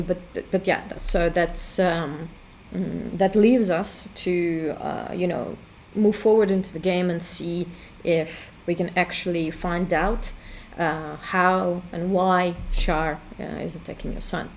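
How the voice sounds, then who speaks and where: A woman giving casual walkthrough commentary on her own game, thinking aloud with hesitant pauses. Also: lowish voice, a little hiss or hum. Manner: hesitant, full of fillers and restarts while thinking aloud. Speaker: game creator demonstrating her work.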